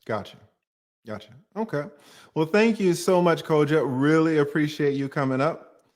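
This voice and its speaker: A middle-aged man with a fairly high voice hosts a heated livestream as an attorney. He speaks bluntly and emphatically, swears freely, and pushes toward a shout when provoked. His delivery is forceful and never holds back. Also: moderate pace.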